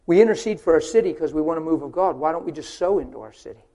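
A man preaching a sermon, asking rhetorical questions and swinging from loud, driving emphasis to hushed storytelling. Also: fairly high pitch, lively intonation, racing. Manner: asks the crowd rhetorical questions.

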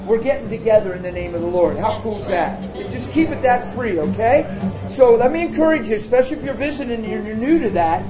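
A man's voice: sits high, animated, fast, music in the background. Chatty pastor man in a roomy hall. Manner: chatty, joking with the congregation. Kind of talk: informal sermon. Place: meeting room with a congregation. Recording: roomy, dull sound with crowd behind.

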